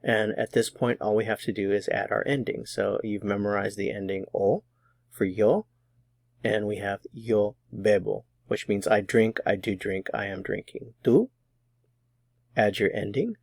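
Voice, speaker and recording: Slow, patient male Spanish teacher. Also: lowish voice, creaky, darkish tone, no echo, studio quality. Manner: patient, methodical, slows down on example phrases. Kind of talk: explaining grammar lesson.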